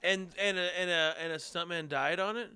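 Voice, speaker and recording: A man hosting a casual interview, reacting with quick exclamations and follow-up questions. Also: high voice, pushed and bright, smooth. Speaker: podcast host.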